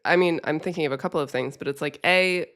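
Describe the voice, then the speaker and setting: A woman with a lowish voice chats casually as a podcast co-host. She reacts in loose, rambling bursts, swearing freely and laughing at herself. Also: quick pace, fairly bright tone.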